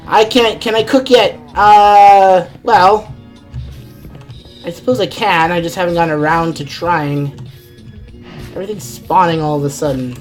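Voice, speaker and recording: A woman's voice: fairly low pitch, unhurried, long pauses, soft background music. A woman streaming a game live, rambling and thinking aloud, often exasperated at what happens on screen. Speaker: gaming streamer. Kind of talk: live let's-play commentary.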